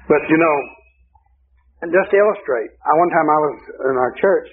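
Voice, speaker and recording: Husky folksy preacher man, tinny broadcast. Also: on the high side. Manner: folksy, humorous storytelling. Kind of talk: sermon.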